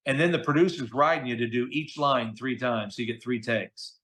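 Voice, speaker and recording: A middle-aged man, a voice actor who is a guest in a casual interview, telling stories in an animated, slangy way. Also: medium pitch, fairly quick. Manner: animated, chatty storyteller, slangy with "dude" and "okay?".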